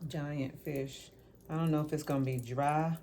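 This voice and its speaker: A woman with a somewhat low voice talks her way through a home cooking vlog in her kitchen. Her chat is loose and rambling, and she repeats words to stress a point. A faint hum of noise sits behind her. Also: fairly even intonation, unhurried, warm tone. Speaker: home cook vlogger.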